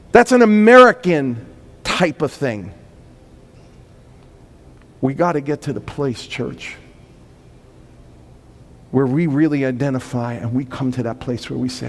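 A man preaching a sermon as pastor, swelling from quiet, emphatic points into loud, urgent appeals. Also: fairly high pitch. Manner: preaching with sudden swells of volume and emphatic slowdowns.

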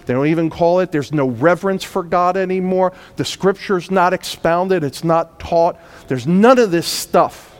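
A man preaching a sermon as pastor, swelling from quiet, emphatic points into loud, urgent appeals. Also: sits high. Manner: preaching with sudden swells of volume and emphatic slowdowns.

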